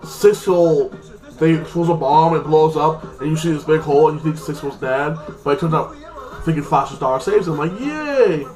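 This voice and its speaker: A man casually recapping a TV episode in a rambling way, full of fillers, acting out the characters' lines in quick voices. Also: on the high side, little pitch movement, a little mellow, soft background music. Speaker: TV episode reviewer.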